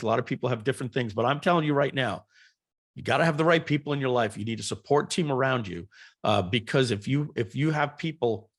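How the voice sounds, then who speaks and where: A middle-aged man, a guest on a podcast, telling stories in an animated, rambling way and often repeating words. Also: mid-range voice. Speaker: guest entrepreneur. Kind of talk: podcast interview storytelling.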